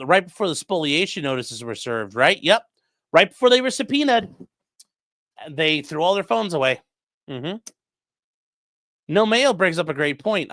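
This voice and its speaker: A man's voice: fairly high pitch, sharp tone, no room sound, studio quality. A man who is a defense attorney, casually commenting on a livestream and reading chat messages aloud in a loose, profane way.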